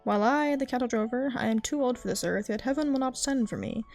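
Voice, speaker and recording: A woman's voice: fairly high pitch, fast, gravelly, a little mellow, faint music behind. Give me a woman playing a weary old cattle drover from a storybook, wistful. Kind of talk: bedtime story reading.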